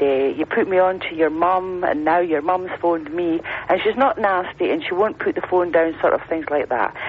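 A woman's voice: lowish voice, a little hiss or hum. A woman from Edinburgh with a Scottish accent calling a radio phone-in, chatty and pleading, over a telephone line. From Scotland. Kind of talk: phone-in call.

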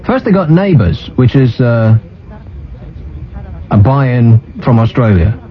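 Sardonic radio host, lively pitch. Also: male voice, slow pace. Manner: sardonic, ranting, mocking. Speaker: radio talk show host. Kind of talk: casual on-air banter. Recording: muffled radio broadcast.

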